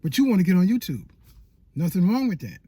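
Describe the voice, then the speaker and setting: A man's voice: high voice, sing-song, quick pace, warm tone, husky, no echo. A man giving a faith-based motivational talk as a YouTube coach, emphatic and repetitive like a preacher.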